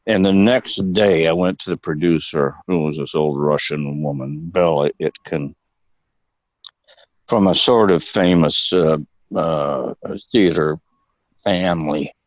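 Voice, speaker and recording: Low-voiced older man, rambling and profane. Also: unhurried, dry recording. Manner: rambling and profane, prone to digressions. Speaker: interview guest, actor. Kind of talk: casual storytelling interview. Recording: dull, dry lo-fi audio.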